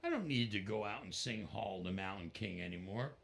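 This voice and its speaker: Gravelly, animated middle-aged man. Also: lowish voice, fairly quick. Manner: animated storyteller, acts out the voices of others. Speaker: guest musician. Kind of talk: storytelling in a casual interview.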